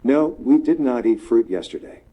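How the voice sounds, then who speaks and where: A man answering a teacher's questions with flat, repeated example sentences, recorded with dull lo-fi sound. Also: mid-range voice, normal speed, slightly rough. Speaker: dialogue partner answering questions.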